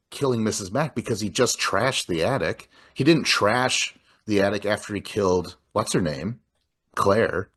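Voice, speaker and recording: Male co-host, lower voice, loose animated film recap with acted-out quotes. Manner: animated, acts out characters' lines mid-retelling; swears and laughs often. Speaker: podcast co-host. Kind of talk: casual movie recap chat.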